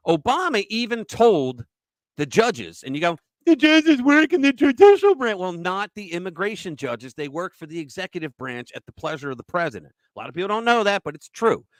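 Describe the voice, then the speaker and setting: A man's voice: fairly high pitch, sing-song, brisk, fairly bright tone, dry recording. A man hosting a political talk show, ranting profanely and mocking his opponents. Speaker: podcast host. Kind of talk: political commentary rant.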